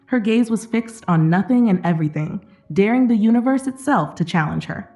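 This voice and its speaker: A woman narrating an emotional story in a steady, dramatic scripted reading. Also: medium pitch, a little fast, soft background music.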